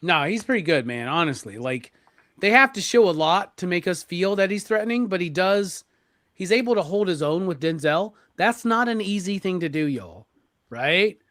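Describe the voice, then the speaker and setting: Lively bright-voiced man hosting a podcast. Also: high-pitched, moderate pace, dry recording, studio quality. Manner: animated, laughing, profane banter. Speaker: podcast host. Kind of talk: casual movie review chat.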